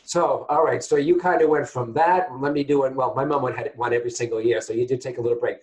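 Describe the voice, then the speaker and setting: A man hosting a call-in psychic reading show, chatty and animated, often turning to address his listeners. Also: medium pitch, fast, rough recording. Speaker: psychic medium host.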